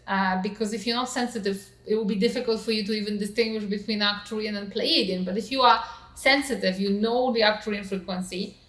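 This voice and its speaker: A woman co-hosting a spiritual podcast, explaining ideas in a gentle, thoughtful way with many small fillers. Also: on the high side. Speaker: podcast co-host. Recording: roomy echo.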